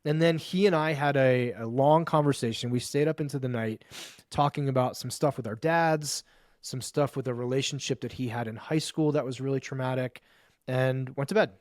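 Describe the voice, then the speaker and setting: A man telling a personal story as a podcast guest and men's coach, emphatic and profane, piling up quick lists. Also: medium pitch, no room sound, clean studio sound. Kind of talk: animated storytelling in conversation.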